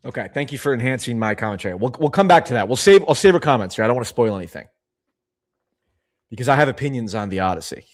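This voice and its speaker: A man's voice: medium pitch, expressive, quick pace. Rambling male livestream host. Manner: rambling, self-interrupting, chatty. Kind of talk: casual livestream chat.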